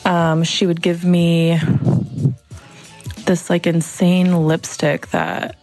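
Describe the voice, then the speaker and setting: A woman's voice: lowish voice, flat delivery, slow, a little mellow, faint music behind. A young woman in her twenties, a younger sister, chattily sharing childhood memories in a casual message. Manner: chatty, reminiscing, with fillers.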